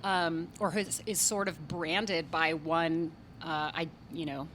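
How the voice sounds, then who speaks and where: A woman's voice: sits low, fairly even intonation, slow, a bit bright, slight background noise. A woman hosting an interview, chatty and self-deprecating, laughing easily as she talks. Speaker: interview host. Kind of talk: casual interview chat.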